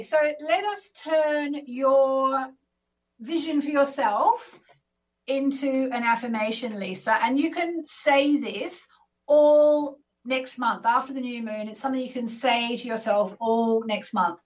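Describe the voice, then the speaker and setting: A woman's voice: high voice, slow, dull audio. A woman hosting a call-in astrology show, coaching callers through affirmations in an encouraging way.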